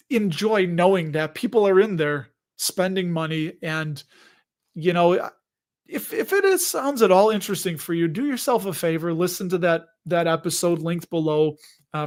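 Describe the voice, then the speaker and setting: A man in his forties hosting a casual livestream, chatting and joking while answering viewer questions. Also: high voice. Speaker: host of investing livestream.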